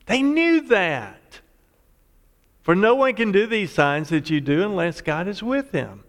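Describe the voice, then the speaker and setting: A man preaching a sermon, explaining scripture in a measured, emphatic way. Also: high voice, lively intonation, long reverb tail. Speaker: pastor.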